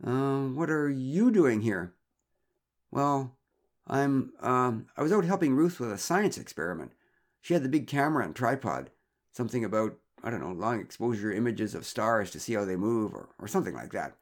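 A man's voice: mid-range voice, expressive, moderate pace, lightly acted. A man voicing a nervous, flustered middle-aged father who is out of breath and rambles with stammers and fillers.

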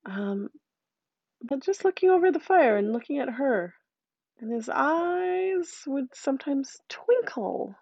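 A woman telling a folktale aloud in a lively, conversational way with asides to listeners. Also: high voice, slow pace, vocal fry, no echo, lo-fi sound. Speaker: storyteller.

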